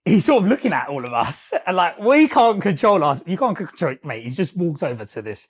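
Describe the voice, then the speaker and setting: This podcast co-host has a fairly high-pitched voice and a brisk delivery. Chatting casually, he spins lively office anecdotes, laughing a lot and cursing without a second thought.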